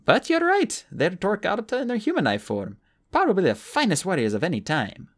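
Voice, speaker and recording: A blunt young warrior woman in an audiobook, voiced by a man. She speaks plainly, husky-toned, with lively pitch. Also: a little fast, exaggerated voice.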